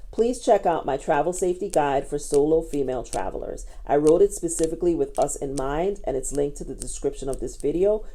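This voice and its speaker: A woman's voice: deep voice, dark tone. A woman travel vlogger giving frank, opinionated, practical advice straight to camera.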